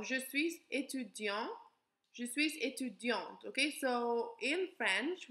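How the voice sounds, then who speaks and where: A young adult woman teaching a beginner French class, switching between French and English and slowing down to model pronunciation. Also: on the high side, bright, forceful tone, echoey room. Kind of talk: recorded class lesson.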